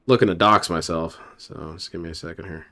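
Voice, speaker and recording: A man's voice: deep voice, fairly even intonation, brisk, creaky, pushed and bright. A male host reacting to a stream clip, teasing and sarcastic as he talks over it. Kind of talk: mocking commentary over a clip.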